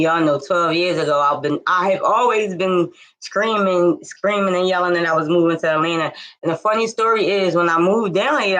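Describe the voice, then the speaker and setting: A woman's voice: fairly low pitch, fairly bright tone, low-quality recording. A woman from hosting her own inspirational talk show on a live stream, chatting nervously with lots of fillers and restarts. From Philadelphia. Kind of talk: casual live-stream chat.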